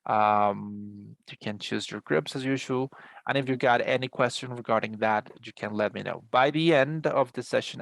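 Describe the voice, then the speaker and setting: A man's voice: mid-range voice, gravelly, dry recording. A man giving an English class over a video call, explaining patiently with many fillers and restarts. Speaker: English teacher. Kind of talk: online class instructions.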